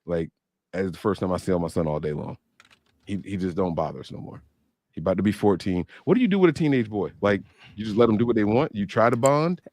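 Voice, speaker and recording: Man co-host, lowish voice, dry close mic, casual banter. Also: quick pace, a little mellow, dry recording. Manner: loose, joking, slangy. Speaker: podcast co-host. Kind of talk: casual livestream chat.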